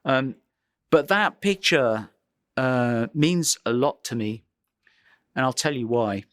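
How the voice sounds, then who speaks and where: A man at a mid pitch recounts a personal story, building suspense with pauses and vivid detail. His voice is recorded close and dry, with no room sound. He speaks as an interview guest, a photographer looking back on his work. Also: expressive, fairly bright tone, dry recording.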